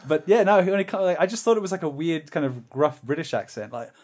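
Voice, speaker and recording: A man's voice: a little high, lively intonation, fast talker, a little mellow. A man co-hosting a podcast in casual chat, rambling with many fillers and restarts and slipping into silly voices. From Australia. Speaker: podcast co-host.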